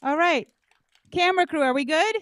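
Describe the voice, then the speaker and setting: A woman warming up an auditorium audience, joking and leading rounds of applause with loud, energetic calls. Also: high-pitched, normal speed, no echo. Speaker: audience warm-up comedian. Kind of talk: stand-up warm-up, leading applause.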